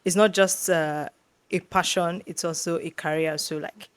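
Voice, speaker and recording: A woman's voice: on the low side, steady tone, moderate pace, clear, resonant tone, dry recording. A woman hosting a podcast interview, playful and teasing. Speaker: podcast host. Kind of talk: casual interview chat.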